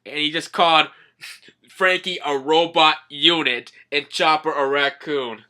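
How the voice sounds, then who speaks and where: A man's voice: fairly high pitch, fairly even intonation, measured pace, noisy background. A young man casually recapping a comic, rambling with "all like" quotes and swearing. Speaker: manga reviewer.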